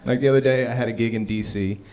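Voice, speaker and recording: A man in his thirties doing a live stand-up set at a comedy club, telling stories and acting out people in loud, high voices. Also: fast talker, slight background noise. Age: 30s. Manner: animated storytelling, acts out characters in loud high voices. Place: comedy club stage before a laughing audience.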